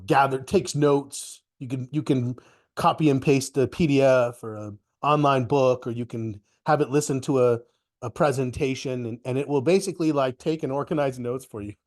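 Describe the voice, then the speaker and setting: A middle-aged man with a cold, stuffy and coughing now and then, hosting a live market webinar in a rambling, chatty way that often restarts sentences. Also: mid-range voice. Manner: rambling, self-correcting, chatty. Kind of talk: casual live webinar talk.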